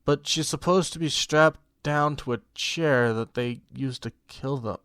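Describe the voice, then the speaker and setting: A young man narrating a comedic movie review, exasperated and sarcastic, with loud outbursts and mumbled confusion. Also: medium pitch, a little slow, clean tone, dry recording, clean studio sound.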